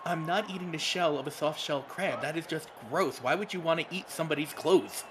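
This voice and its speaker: A man's voice: on the high side, a little fast, noisy background. A man with a New York accent breaking down plays and bantering bluntly on a football stream. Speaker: analyst. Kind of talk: casual game analysis.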